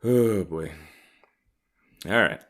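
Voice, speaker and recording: A man's voice: fairly low pitch, drawn-out words, fairly bright tone. A man in his thirties hosting a comedy podcast, delivering an angry, profane, sarcastic rant. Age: 30s. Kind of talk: ranting comedic monologue.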